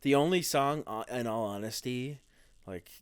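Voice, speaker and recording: Smooth, dry-sounding laid-back podcast man. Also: mid-range voice, normal speed, dry recording. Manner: laid-back, laughs along, casual swearing. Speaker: podcast co-host. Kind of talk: casual comedic album review chat.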